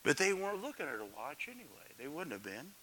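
A man preaching a sermon dramatically, swinging from loud calls to hushed near-whispers and putting questions to the congregation. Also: on the high side, big pitch swings, fast.

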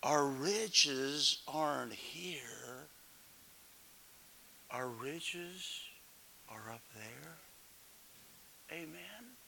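High, bright-voiced dramatic preacher man. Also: lively intonation, drawn-out words, vocal fry, pauses often, slight background noise. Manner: dramatic, swings from loud calls to hushed near-whispers; asks the congregation questions. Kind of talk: sermon.

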